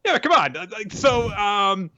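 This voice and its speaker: A man's voice: big pitch swings, unhurried, pushed and bright, exaggerated voice. A man doing a slimy, wheedling villain lord. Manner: wheedling, high comic put-on. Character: slimy scheming male villain ruler, wheedling. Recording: dull lo-fi podcast audio.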